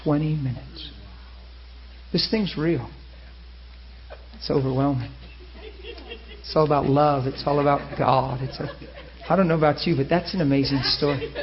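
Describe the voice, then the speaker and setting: A man preaching a sermon, telling a story with lively acted-out quotes. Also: on the high side, moderate pace, pauses often. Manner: animated, acts out quoted voices. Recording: muffled lo-fi sermon recording.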